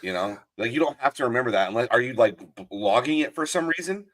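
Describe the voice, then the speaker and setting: A man's voice: medium pitch, animated, quick pace, a bit bright, dry recording, studio quality. A man co-hosting a podcast, chatting casually, teasing and blunt, often stammering over restarts. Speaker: podcast co-host.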